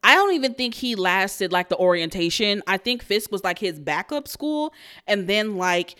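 A woman in her thirties hosting a podcast, telling a story in a blunt, profane way that breaks into loud outrage. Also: mid-range voice, big pitch swings, moderate pace, smooth. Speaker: podcast host. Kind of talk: casual storytelling rant.

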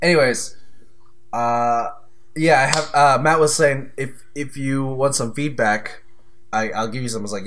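Chatty young man, mid-pitched voice. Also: normal speed, a bit bright. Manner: chatty, loose, stumbling over words. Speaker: podcast co-host. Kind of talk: casual chat.

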